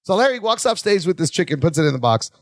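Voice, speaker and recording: A man's voice: quick pace, dry recording, studio quality. A man co-hosting a podcast, recapping a sitcom episode and jumping into character voices as he tells it. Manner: animated storytelling, jumps into high character voices. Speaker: podcast co-host. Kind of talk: casual sitcom recap chat.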